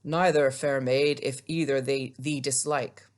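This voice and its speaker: A woman's voice: rumbling low, fairly even intonation, measured pace, voice pushed down. A woman reading as dreamy young Romeo. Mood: dramatic.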